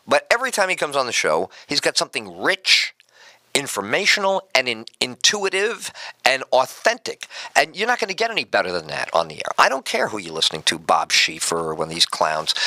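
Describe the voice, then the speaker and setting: A man's voice: medium pitch, no room sound. A middle-aged man hosting a live talk radio show, rambling, joking and bantering with his studio crew. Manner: loud, joking, self-mocking, talks to studio crew.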